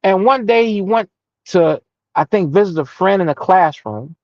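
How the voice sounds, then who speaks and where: A man hosting a community meeting, giving a fiery, preacherly motivational speech that swings from low murmurs to loud, rising emphasis, with some profanity. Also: animated, moderate pace, no room sound. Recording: dull lo-fi audio.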